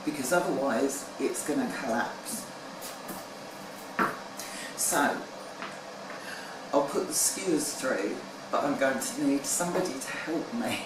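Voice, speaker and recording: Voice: mid-range voice, noisy background. A home baker demonstrating a recipe in a kitchen, chatting and poking fun at their own mistakes with the odd um. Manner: chatty and self-deprecating, thinking aloud with ums. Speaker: home baking presenter. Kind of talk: casual cooking demonstration. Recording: roomy kitchen, mic at a distance.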